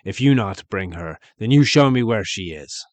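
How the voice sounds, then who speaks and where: A man's voice: on the low side, no room sound, natural voice. A man doing a bellowing broken-speech ogre. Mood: desperate. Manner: broken grammar, bellowing, slow. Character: brutish male ogre, desperate and demanding.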